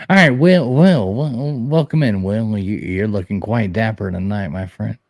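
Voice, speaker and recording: A man's voice: lowish voice, unhurried, a little mellow, no echo. A man with a Southern US accent, hosting a casual live chat and telling a funny story with lots of swearing and laughing. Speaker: host.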